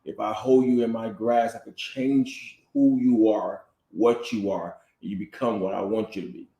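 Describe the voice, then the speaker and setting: A man with a somewhat low voice talks in a halting way, with fillers and repeated words as he works through his thoughts. He co-hosts a casual talk with his wife. The recording has a noticeable room echo. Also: steady tone, dark tone, highs cut off. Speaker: husband and co-host. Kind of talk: casual couple's talk show.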